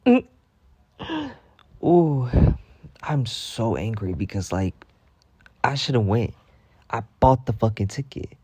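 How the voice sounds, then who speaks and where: This storytime vlogger has a husky, medium-pitched voice and takes his time, pausing often. He rants through his story in a heated, animated, profane way, with no echo on the recording.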